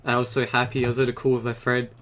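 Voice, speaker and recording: A young man ranting casually and excitedly about a new card, rambling and swearing often, just after waking up. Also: mid-range voice, very fast, soft background music. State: just woke up. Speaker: YouTuber reviewing a card.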